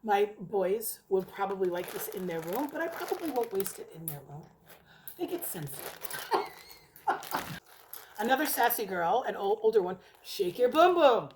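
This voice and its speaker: A woman's voice: mid-range voice, big pitch swings, moderate pace, long pauses. A middle-aged woman at home, chatting casually and rambling as she reviews wax melts, swearing now and then. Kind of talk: casual chat. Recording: noticeable background noise.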